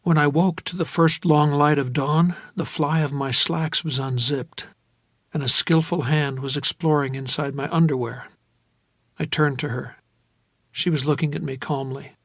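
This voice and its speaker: A man narrating a novel in the first person, in a steady, wry, dry manner. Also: fairly high pitch, measured pace, no echo. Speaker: audiobook narrator.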